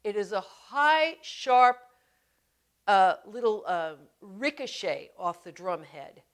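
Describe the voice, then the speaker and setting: A woman teaching hand drumming technique in an instructional video, explaining each step gently and patiently. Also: mid-range voice, expressive, takes it slowly, soft background music.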